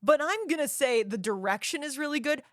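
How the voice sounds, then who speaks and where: A woman's voice: sits high, lively intonation, fairly quick, dry recording, studio quality. A young adult woman co-hosting a podcast, chatting bluntly and opinionatedly about a movie and swearing casually. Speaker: podcast co-host. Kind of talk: casual movie review chat.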